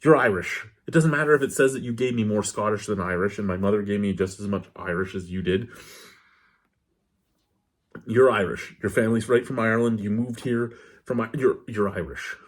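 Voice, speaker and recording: A man with a slightly low, husky voice, casually reviewing a beer on camera. He chats loosely and wanders off into tangents before coming back. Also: a little fast. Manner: rambling, digressive, candid; talks with his hands.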